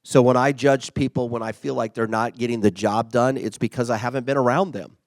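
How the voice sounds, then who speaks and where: A man's voice: mid-range voice, steady tone, brisk, no room sound. A middle-aged man giving a casual, conversational motivational talk as a workplace leader. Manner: conversational, acts out quoted remarks.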